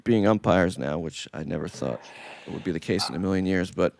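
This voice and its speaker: A man hosting a podcast, asking questions in a halting way with lots of filler sounds. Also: low-pitched, vocal fry, a little mellow. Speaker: podcast host. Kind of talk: casual interview chat.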